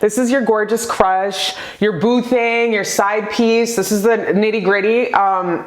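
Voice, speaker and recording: A woman doing a casual pick-a-card tarot reading, excitable and gushing, rambling into asides and swearing freely. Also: mid-range voice, roomy sound.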